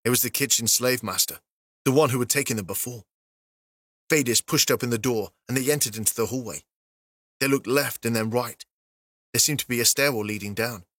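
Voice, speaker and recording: A man narrating a fantasy story as an audiobook, steady and even. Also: mid-range voice, brisk, dry recording.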